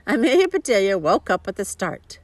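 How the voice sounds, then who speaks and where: A woman reading a children's story aloud, expressive, with chuckling asides to her listeners. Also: medium pitch, a little slow, dry recording. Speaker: storybook reader.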